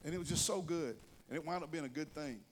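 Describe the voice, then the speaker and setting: A man's voice: fairly high pitch, quick pace, slight background noise. A man preaching a conversational sermon to his congregation, telling folksy stories and speaking straight to the listeners. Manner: folksy storytelling, addresses the congregation directly; animated, rises and drops in loudness for emphasis. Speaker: pastor.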